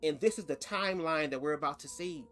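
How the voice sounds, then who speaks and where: A man hosts a reaction vlog in a chatty, sassy, profane flow. His voice sits a little high, with faint music in the background. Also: fast, fairly bright tone. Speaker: commentary host.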